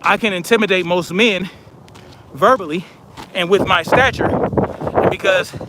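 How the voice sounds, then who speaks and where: A man's voice: high voice, a little slow, heavy background noise. A man mimicking a boastful bodybuilder man who talks big and self-important.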